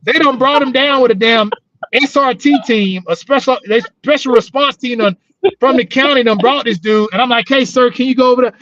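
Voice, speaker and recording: A man's voice: very high-pitched, moderate pace, a bit bright, no echo, muffled recording. A man co-hosting a casual talk show, telling profane, rambling stories about working as a corrections officer. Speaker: podcast co-host, former corrections officer. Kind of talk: casual chat.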